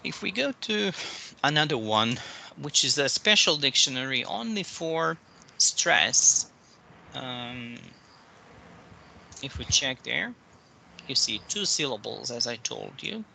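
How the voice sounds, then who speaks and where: Slow, bright-voiced man tutoring English. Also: mid-range voice, sing-song, gravelly, a little hiss or hum, low-quality recording. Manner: patient, explains slowly step by step. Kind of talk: online one-to-one pronunciation lesson. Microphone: video call.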